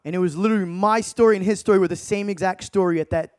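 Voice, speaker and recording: A man in his thirties preaching a sermon, telling stories in an animated, casual way with slang. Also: high voice, quick pace, smooth. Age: 30s.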